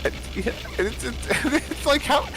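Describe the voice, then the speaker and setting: A man's voice: extremely high pitch, lively intonation, moderate pace, very noisy. A man chatting casually with friends while gaming, rambling with lots of fillers and restarts, over a voice chat headset.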